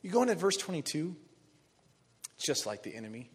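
A man preaching a sermon, animated, acting out voices of biblical figures. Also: on the high side, fairly quick, husky, big-room sound. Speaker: pastor.

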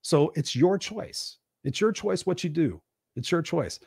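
This weary father figure, a weekly live-streamer, gives a sermon-like pep talk and answers himself, putting on a high whiny voice for quoted gripes. He sounds animated yet a little slow, with vocal fry, a slightly mellow tone and a breathy edge. Clean studio sound with no room echo.

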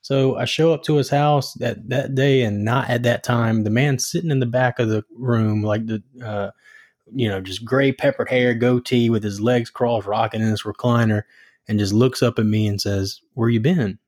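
Relaxed young man chatting. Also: medium pitch, moderate pace. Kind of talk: casual chat.

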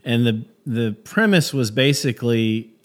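Animated man telling stage stories. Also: medium pitch, unhurried. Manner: animated storyteller, many restarts. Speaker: stand-up comedian, guest. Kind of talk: casual conversation.

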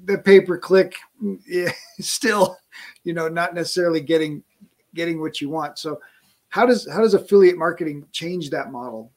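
A man hosts a podcast interview in a friendly, conversational way. He often restarts his phrases as he works toward a question. His voice sits a little high. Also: a little mellow. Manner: friendly interviewer, laughs along, halting restarts. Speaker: podcast host.

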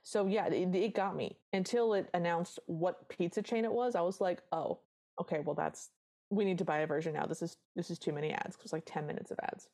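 Female podcast co-host, lowish voice, casual and wry. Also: a little fast, dark tone. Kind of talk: casual chat recapping a movie.

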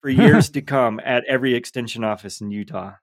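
A man's voice: mid-range voice, brisk. A man joking around in a casual chat, playful in tone.

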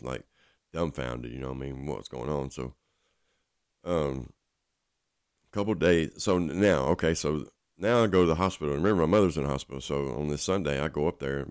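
A man's voice: very deep voice, smooth, dry recording, clean studio sound. A man telling his own story in a rambling, casual way, full of fillers. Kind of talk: personal storytelling.

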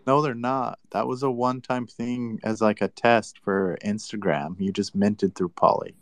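A man's voice: lowish voice, fairly even intonation, moderate pace, no echo. A man talking crypto in a casual chat, combative and teasing with mock annoyance. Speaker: crypto commentator.

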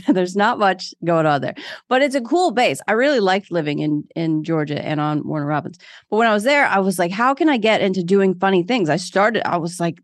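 A young woman with a slightly low voice tells her stories in a casual interview. She is animated and self-deprecating, and her laugh comes easily. The sound is close and dry, with no room around her. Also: no room sound. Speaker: guest.

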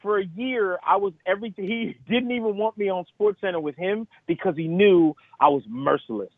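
Animated man telling a story over the phone. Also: high voice, dry recording. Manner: animated, laughing, quick storyteller. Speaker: guest golf analyst. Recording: tinny phone line, dry.

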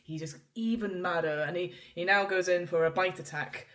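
Animated woman running a tabletop game, lower pitch. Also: moderate pace. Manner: animated, laughing often, playful. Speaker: game master.

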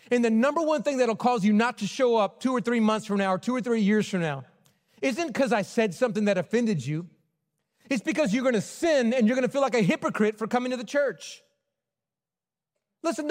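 A man preaching a sermon in a church, telling a personal story earnestly and dropping to a near hush at tender points. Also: very high voice, lively intonation, normal speed. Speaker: pastor. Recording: long church hall reverb.

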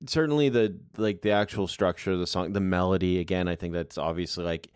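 A man's voice: low voice, a little fast, a little mellow, clean tone, no echo, studio quality. A man hosting a music podcast, talking casually and searching for his words with frequent restarts. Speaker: podcast host. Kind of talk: casual chat.

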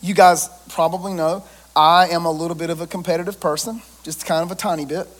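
A man, a pastor preaching a lively sermon and joking with his congregation. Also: fairly high pitch, a little fast.

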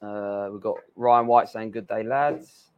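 A man's voice: on the low side, fairly even intonation, measured pace, smooth, no room sound. A man co-hosting a casual livestream from a bar, laid-back, reading out viewer comments. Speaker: livestream co-host. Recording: dull lo-fi sound.

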